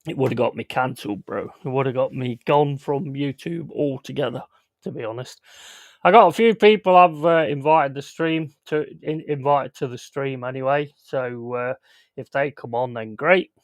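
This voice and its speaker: A man's voice: mid-range voice, moderate pace, dry recording. Male streamer, blunt and sweary, casual rant, dry close sound. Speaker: streamer host. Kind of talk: casual livestream chat. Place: home.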